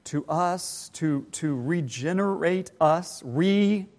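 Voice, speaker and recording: A man's voice: fairly high pitch, a little mellow. Folksy man teaching in a sermon. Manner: folksy, self-deprecating, halting with restarts. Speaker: teacher giving a talk.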